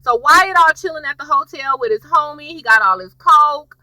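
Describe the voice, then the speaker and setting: A woman's voice: high voice, lively intonation, moderate pace, bright, forceful tone, no echo, rough recording. A woman, casually recapping a TV episode for viewers, chatty and sassy, calling them y'all.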